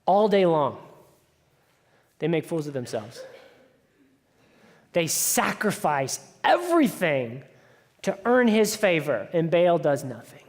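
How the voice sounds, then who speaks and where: A pastor preaching in a reverberant church. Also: male voice, on the high side, very animated, slow pace, long pauses. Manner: conversational storytelling, drops to hushed asides. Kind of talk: sermon. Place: church sanctuary. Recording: church hall with long reverb.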